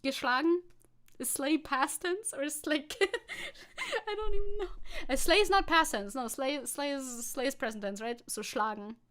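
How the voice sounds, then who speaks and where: A woman's voice: high-pitched, very animated, measured pace, a bit bright. A German-accented woman streaming casual commentary, sarcastic and swearing freely, laughing often. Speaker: VTuber streamer.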